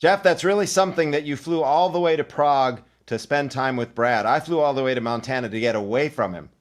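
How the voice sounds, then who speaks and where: A man's voice: mid-range voice, fairly quick. A man co-hosting a comedy show, bantering with dry teasing. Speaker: co-host. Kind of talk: casual banter.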